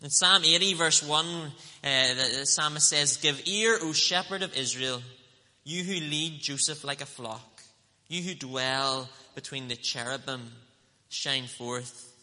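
Male preacher, higher voice, very bright and forceful, earnest, reverberant church hall. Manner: earnest, emphatic, slows down on scripture quotes. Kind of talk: sermon.

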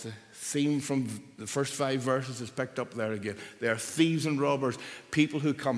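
A male preacher delivering a sermon in a church hall, his mid-pitched voice ringing with long reverb. He talks with strong emphasis, climbing loud on key phrases and sinking quiet at their ends. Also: normal speed. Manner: emphatic, rises and drops for stress.

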